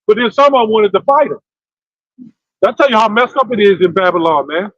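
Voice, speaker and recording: A man with a notably high voice leads a casual religious discussion, telling animated, profane stories. The recording is dry and dull, with no room echo. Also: fairly quick, long pauses. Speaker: discussion leader.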